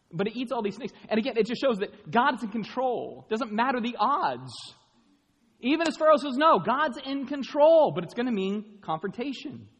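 Guy preaching a sermon in a big echoey hall, lively, does little voices, pretty high voice. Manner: animated, acts out voices, jokey asides. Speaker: pastor. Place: large room with an audience. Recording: long hall reverb.

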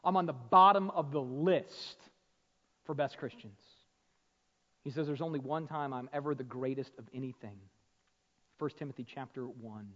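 A male pastor preaching a sermon, swinging from hushed, slow emphasis to loud, fervent passages. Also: mid-range voice. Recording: muffled sound with long hall reverb.

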